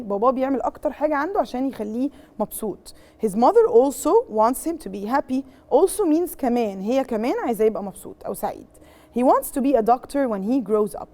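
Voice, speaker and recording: A woman's voice: fairly high pitch, mellow. A woman with an Egyptian accent teaching an English revision lesson, explaining each point in English and then in Arabic and quizzing her pupils as she goes. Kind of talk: bilingual exam revision lesson.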